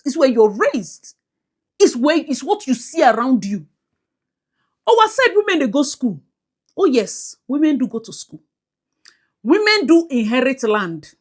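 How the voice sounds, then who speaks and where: A woman with a Nigerian accent talking to her viewers in a casual commentary vlog, emphatic, with pidgin-flavored asides. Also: sits high. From Nigeria, Port Harcourt. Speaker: YouTube commentator.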